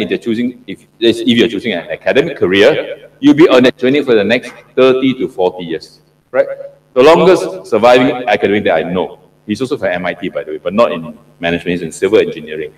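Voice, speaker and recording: A man's voice: lowish voice, expressive, quick pace, recorded from a distance. A middle-aged man from Singapore giving an interactive classroom lecture as a professor, often asking the audience questions and repeating himself for emphasis. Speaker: professor lecturing on PhD supervision. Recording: roomy lecture hall echo.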